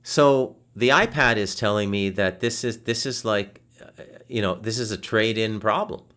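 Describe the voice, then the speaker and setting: A man hosting a podcast over a video call, telling a frustrating story in a casual, animated way, swearing and restarting his sentences. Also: on the low side, normal speed. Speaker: podcast host. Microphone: video call setup.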